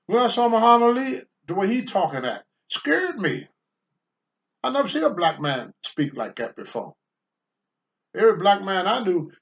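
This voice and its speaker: A man's voice: sits high, sing-song, moderate pace, lo-fi sound. An older man hosting a talk show, answering viewer questions in a blunt, preachy monologue and swearing freely.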